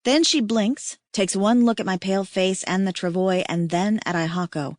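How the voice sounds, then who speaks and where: A woman narrating a romance audiobook in first person, steady and intimate. Her voice sits at a middle pitch on a close mic. The sound is dry, with no room around it. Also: normal speed, hardly any pauses, dry recording.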